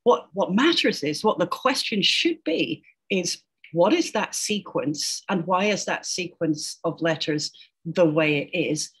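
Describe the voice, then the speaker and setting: A woman's voice: fairly low pitch, expressive, unhurried, slightly rough. A middle-aged woman, an educational linguist, explaining as an interview guest in a chatty way, laughing often and tagging her points with "right?". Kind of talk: casual interview chat.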